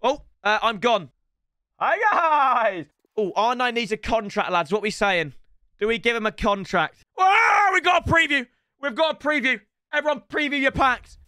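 A young man streaming a football video game, chatting to the lads in cheeky banter and breaking into loud outbursts. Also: high voice, brisk, clear, resonant tone, no echo, studio quality. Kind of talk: gaming stream commentary. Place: home room with builders' noise outside. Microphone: headset.

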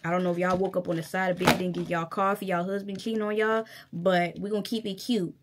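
A woman's voice: on the low side, flat delivery, fast talker, heavy background noise. A young woman with a Virginia accent vents to camera in a casual vlog. She tells her story with heated emphasis, talking straight to her viewers. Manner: heated, emphatic, addresses viewers directly as y'all. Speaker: vlogger.

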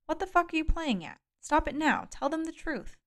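A woman's voice: medium pitch, steady tone, moderate pace, smooth, lightly acted. A woman reading an audiobook, voicing a desperate man who protests and pleads with rising anger. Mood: furious, panicked. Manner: pleading, outraged, rising to shouts. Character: desperate middle-aged man, the narrator-hero.

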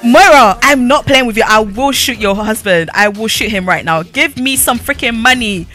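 A woman's voice: high voice, big pitch swings, normal speed, pushed and bright, faint music behind, voice pushed up, exaggerated voice. A woman voicing a fed-up young woman from a life-sim game who pushily threatens and demands money. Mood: demanding. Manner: pushy, threatening.

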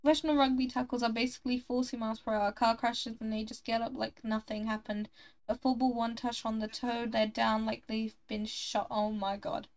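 A woman's voice: fairly high pitch, little pitch movement, a little fast. Chatty, blunt woman streamer. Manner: chatty, blunt, swears freely, teasing. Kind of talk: casual chat while gaming.

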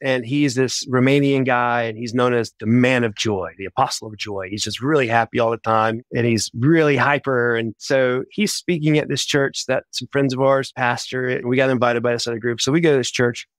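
A man, a missionary guest on a podcast, telling his story in a casual, animated way. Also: mid-range voice, no echo. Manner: animated, chatty, quick bursts.

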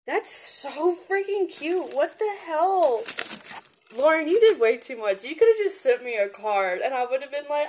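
A young woman unboxing gifts in a vlog, gushing and excitable, gasping and giggling as she talks. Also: high-pitched, measured pace. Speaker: vlogger opening gifts.

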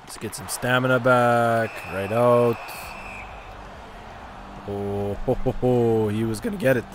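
A man riffing loosely over a hockey game he is playing, cheering, groaning and trash-talking the players as they go. His voice sits in a middle register, with clear background noise running under the recording. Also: medium pitch, takes it slowly. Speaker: gaming commentator. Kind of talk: casual gameplay commentary.

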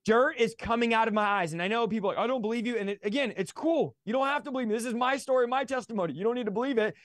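Man, interview guest, high voice, dry close recording, emphatic, repeats phrases, earnest storytelling. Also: racing, a bit bright, no room sound. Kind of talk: telling a personal conversion story in an interview.

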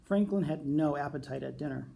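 A man who teaches reads a children's picture book aloud in a gentle, unhurried way. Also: on the high side, creaky, a little hiss or hum. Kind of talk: storybook read-aloud.

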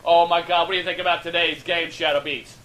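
A man giving excitable, profane, joking play-by-play commentary over an online shooter match. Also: fairly high pitch, fast. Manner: excitable, hyped, laughing, swearing freely. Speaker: gameplay shoutcaster.

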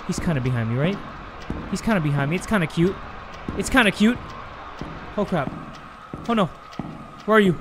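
A young man playing a horror game on video. He narrates it with comic panic, swears a lot and yells when scared. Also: high-pitched, lively intonation, moderate pace, pauses often, background noise. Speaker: gaming YouTuber. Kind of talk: let's play commentary.

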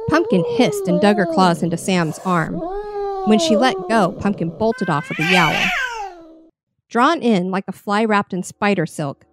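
A woman reading a horror story with measured, expressive narration. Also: medium pitch. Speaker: story reader.

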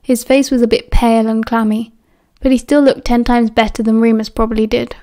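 Woman narrating an audiobook, mellow. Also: fairly high pitch, flat delivery, a little fast. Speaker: audiobook reader. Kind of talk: storybook narration.

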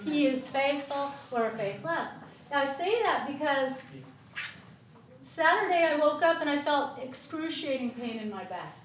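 A woman giving an animated testimony and teaching in a Sunday school class, speaking emphatically in a church room. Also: high voice, measured pace, slight background noise. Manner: animated, emphatic storytelling with laughs. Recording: echoey room, far from the mic.

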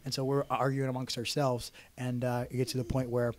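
A man, a professional wrestler on a podcast, telling a lively story in casual chat and acting out quotes. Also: medium pitch, fairly quick, slight background noise. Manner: animated storyteller, acts out quotes. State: hoarse voice. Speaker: podcast guest, pro wrestler.

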